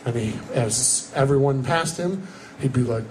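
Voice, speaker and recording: A young man performing a stand-up comedy set in a live club, telling stories with energy and breaking into shouted character voices. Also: medium pitch, measured pace. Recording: noisy live club recording. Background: audience laughter.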